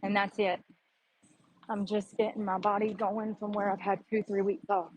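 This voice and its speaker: A woman's voice: medium pitch, little pitch movement, moderate pace, slight background noise, poor audio. A woman talking to her camera in a gym, blunt and profane, explaining her workout in a casual chatty way. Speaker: vlogger. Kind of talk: casual gym vlog talk. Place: public gym.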